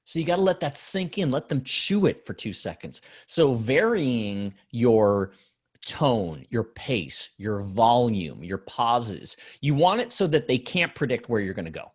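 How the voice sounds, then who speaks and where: A man guest coaching on public speaking in a relaxed interview. His delivery is expressive and full of pitch swings, and he demonstrates louder, softer, faster and slower talk. His voice has a husky grain. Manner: animated, demonstrates changes in volume and pace. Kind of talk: casual interview advice.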